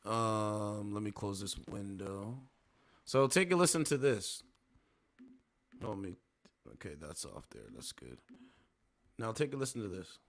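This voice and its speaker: A man's voice: on the low side, very animated, unhurried, creaky, long pauses, a bit bright. A man hosting a casual livestream, reacting to clips with incredulous, mocking commentary and talking to his viewers. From Canada. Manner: incredulous, mocking, talks to chat. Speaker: livestream host.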